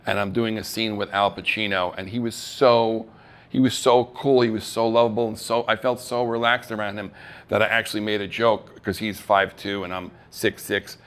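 Animated male storyteller recounting his acting career. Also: lowish voice, normal speed. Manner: animated storyteller who acts out quoted voices and laughs at himself. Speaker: actor telling his story on stage. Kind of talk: storytelling talk. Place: live event stage.

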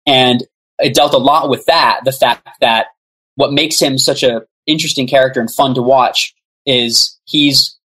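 Male podcast guest, slightly husky, eager and rambling, casual chat. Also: medium pitch, steady tone, measured pace, bright, forceful tone, poor audio. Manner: enthusiastic, rambling with fillers. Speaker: guest, musician.

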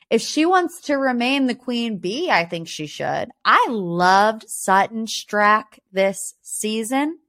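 A woman's voice: medium pitch, a bit bright. Sarcastic, opinionated woman podcast host. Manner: sarcastic and opinionated, many rhetorical questions; chatty, frequent "you know" and "like". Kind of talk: casual pop-culture commentary.

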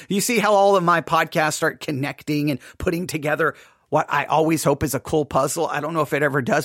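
A man hosting a solo podcast, commenting on a Bible study text in an animated, exasperated way with rising questions and asides. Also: a little high, no echo, clean studio sound. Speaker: podcast host.

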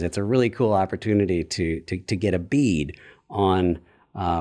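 A man's voice: low-pitched, darkish tone. A man co-hosting a podcast, chatting with some "uh" fillers and reading the closing credits. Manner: hesitant in chat with "uh" fillers, brisk when reading credits. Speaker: podcast co-host. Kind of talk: casual chat and scripted show outro.

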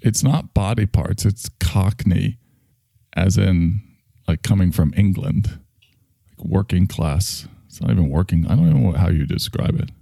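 A man voicing a gruff, grumbling male internet character in a comedy podcast bit, low and defensive. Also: moderate pace, dark tone, dry recording, clean studio sound.

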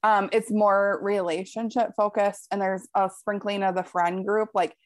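A woman chats about a novel with her co-host, expressive and quick to laugh. She adds lively asides as she talks. The recording is dry and close. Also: mid-range voice, no room sound. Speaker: podcast co-host. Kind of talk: casual book chat.

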